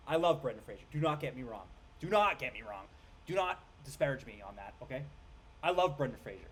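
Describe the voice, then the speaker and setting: Rambling, excitable male film reviewer. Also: fairly high pitch, a little hiss or hum. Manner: rambling, restarts and stumbles over names; excitable, swearing. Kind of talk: casual rant review.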